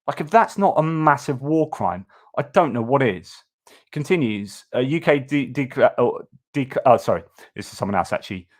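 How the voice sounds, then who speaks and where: A man hosting a news commentary livestream, reading headlines and reacting with animated, indignant asides and frequent restarts. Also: mid-range voice, moderate pace.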